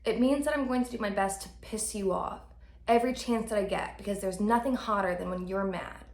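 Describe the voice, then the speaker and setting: A woman's voice: mid-range voice, a little fast, natural voice. A woman voicing a smug, possessive young man in a mocking read-out. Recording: echoey room.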